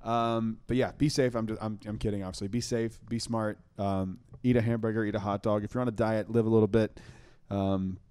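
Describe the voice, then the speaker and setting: Eager young man with a lowish voice. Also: level tone, fairly quick, darkish tone, smooth. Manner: enthusiastic, rambling with many restarts. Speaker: podcast host. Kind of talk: casual chat.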